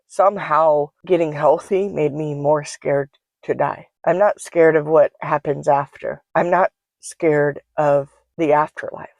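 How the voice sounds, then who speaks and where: A woman hosting her own podcast, speaking in a candid, reflective monologue on her own microphone, halting often to restart with soft laughs. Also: low voice, no echo. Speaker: podcast host. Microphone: own microphone, self-recorded.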